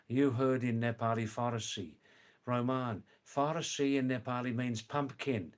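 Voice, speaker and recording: Male livestream host, slow, easygoing, mixes in foreign words. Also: mid-range voice, steady tone. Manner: slow, chatty, sprinkles words from several languages. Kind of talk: casual livestream chat.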